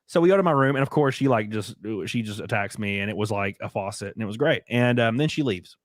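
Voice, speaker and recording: A man's voice: lowish voice, lively intonation, quick pace, no echo, clean studio sound. A man in his twenties hosting a live stream, telling a crude story in a rambling way with many fillers and restarts. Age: 20s. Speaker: stream host.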